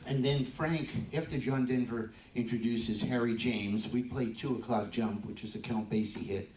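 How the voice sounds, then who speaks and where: A man's voice: lowish voice, a little hiss or hum. Older man telling stories from a stage. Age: 70s. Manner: chatty, laughing often, with lively asides. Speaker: bandleader and drummer hosting a live show. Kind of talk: on-stage storytelling to a live audience. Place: live music venue. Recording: echoey room, distant mic.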